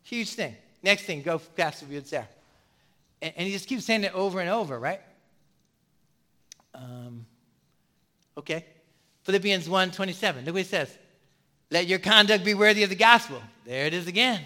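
A man's voice: high voice, lively intonation, normal speed, long pauses, pushed and bright. A man preaching a sermon to his congregation, emphatic and repetitive, addressing the listeners directly. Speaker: pastor.

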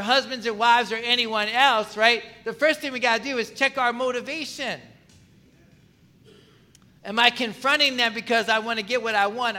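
A man's voice: high voice, bright, forceful tone. A man preaching a sermon in a conversational way, often asking the congregation questions. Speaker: pastor.

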